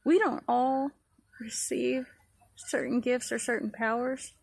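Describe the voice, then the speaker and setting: A woman's voice: fairly high pitch, steady tone, unhurried, creaky, a little mellow, husky, no room sound, rough recording. A woman giving a personal testimony sermon in an earnest, repetitive preaching cadence. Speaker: ministry speaker.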